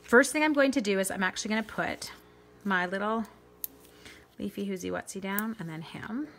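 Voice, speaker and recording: A middle-aged woman from Canada walks through a card-making project live, chatty and upbeat. She chats with viewers by name between steps. Her voice sits at an ordinary mid pitch. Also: moderate pace, a bit bright. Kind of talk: live craft tutorial.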